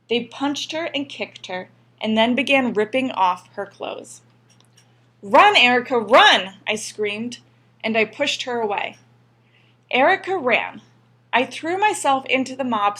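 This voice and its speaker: A woman's voice: fairly high pitch, fairly bright tone. Earnest woman narrating a story. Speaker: audiobook reader. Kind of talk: scripted narration.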